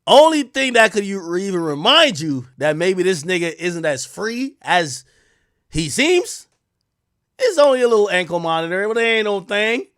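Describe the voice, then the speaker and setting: A young man hosting a show, telling a story to viewers in a casual, profane and slangy way, with loud exclaims and quiet asides. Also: high voice, very animated, moderate pace, dry recording, studio quality. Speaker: show host.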